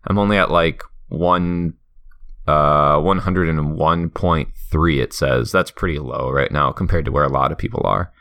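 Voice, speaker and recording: A man's voice: very deep voice, moderate pace, a bit bright, no echo. Podcast host, a man from the northern Midwest: dry, close sound, loose and chatty. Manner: rambling, thinks aloud with many fillers. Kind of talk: casual chat.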